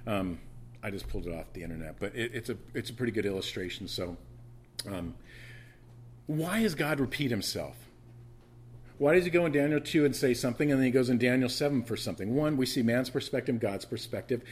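A man preaching a sermon in a conversational teaching manner, with restarts and asides, who repeats phrases for emphasis and rises into loud, emphatic bursts. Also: mid-range voice, fairly quick, slight background noise. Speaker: pastor.

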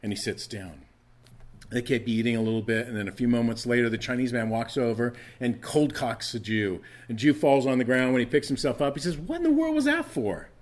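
A man's voice: mid-range voice, steady tone, fairly quick. A middle-aged male pastor preaching a sermon in a conversational way, often restarting his phrases.

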